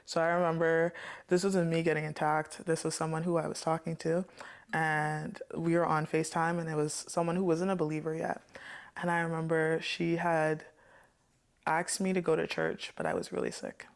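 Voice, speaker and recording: A woman from the Caribbean, a guest in an interview, telling stories in an animated, playfully fierce way and laughing often. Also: low-pitched, vocal fry. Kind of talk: casual storytelling interview.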